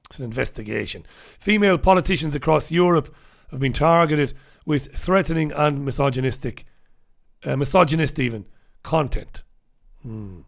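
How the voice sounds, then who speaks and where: A man's voice: on the high side, expressive, normal speed, creaky. An Irish man hosting a solo newspaper review show, talking bluntly and sarcastically with profane asides while he reads out viewers' comments. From Ireland. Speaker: host. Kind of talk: solo news review show, reading live chat comments.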